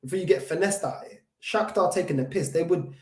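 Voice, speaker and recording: A London man hosting a football fan channel, chatting casually with his live chat, slangy and animated, still short of breath from covid. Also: sits high, fast, roomy sound.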